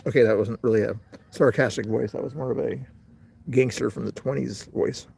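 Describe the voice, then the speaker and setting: A man's voice: mid-range voice, quick pace, gravelly, darkish tone, husky. A middle-aged man hosting a casual livestream outdoors, rambling and talking straight to his chat. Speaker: livestream host.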